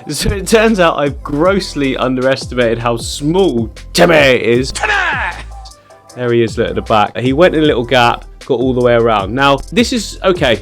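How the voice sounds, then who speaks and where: A man hosting a casual vlog at home, talking warmly to his pet and putting on little voices for it. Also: medium pitch. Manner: chatty, coos at the pet, puts on little voices for it. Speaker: aquarium channel host. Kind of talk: casual vlog chat to camera.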